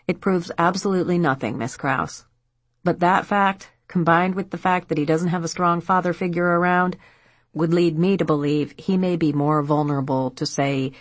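A woman voicing a stern, blunt male police detective in an audiobook, questioning in a firm, measured way. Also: low voice, no echo. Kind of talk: audiobook character voice.

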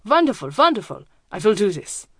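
A woman voicing a courteous older male professor with a deep voice and a German accent, speaking formally. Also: very animated, fairly quick, dry recording, studio quality.

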